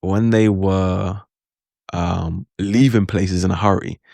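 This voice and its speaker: A man's voice: low voice, steady tone, slow pace, vocal fry, a little mellow, dry recording, studio quality. A man giving a casual spoken lesson on language learning, loose and chatty, full of asides and acted-out reactions. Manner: acts out his own reactions in quotes.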